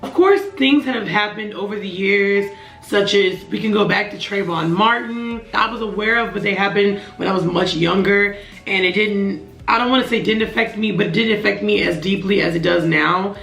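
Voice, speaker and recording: A young woman in her twenties telling a personal story to camera, earnest and emotional, with halting restarts. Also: mid-range voice, vocal fry, fairly bright tone, echoey room, soft background music. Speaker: vlogger.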